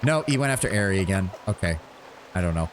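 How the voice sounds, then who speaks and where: A man's voice: low voice, lively intonation, quick pace, slight background noise. A man giving chatty, joking commentary while streaming a video game. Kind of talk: live gameplay commentary.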